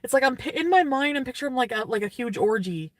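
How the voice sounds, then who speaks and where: A woman's voice: high voice, animated, quick pace, dry recording. Young woman vlogger, tearful, rambling vent full of "like"s and sighs. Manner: rambling, filler-heavy, sighing and venting. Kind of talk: rambling casual vlog talk.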